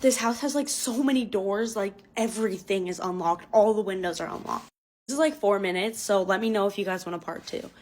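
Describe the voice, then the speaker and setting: A woman recounting a frightening night in a casual storytime. She talks in a breathless, profane rush, with a voice of ordinary middle pitch. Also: brisk, darkish tone.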